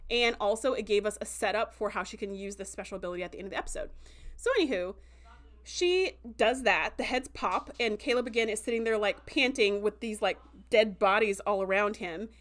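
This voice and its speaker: A young adult woman recapping an episode in a casual livestream, animated and full of fillers, acting out quoted reactions as she goes. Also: mid-range voice, brisk. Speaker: show reviewer.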